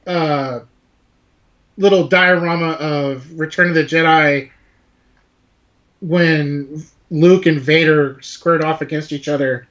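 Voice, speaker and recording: Chatty man, slightly high, dull audio. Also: steady tone, a bit bright. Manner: halting, many restarts, enthusiastic about collectibles. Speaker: podcast co-host. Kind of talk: casual chat.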